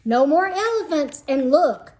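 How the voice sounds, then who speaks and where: A woman reading aloud voices a cocky fourth-grade boy trying to act tough, brash and excitable. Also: high-pitched, unhurried, pitched above the performer's own voice. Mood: brash teasing. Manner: brash, excitable, pushing to sound cool.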